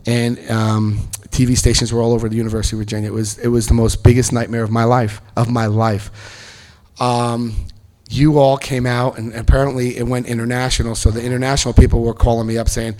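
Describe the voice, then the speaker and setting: Middle-aged guy telling his life story in a speech, animated, acts out voices, gets loud and excited. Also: medium pitch, brisk. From New Jersey, US. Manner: animated storyteller acting out other people's lines, bursts of loud excitement.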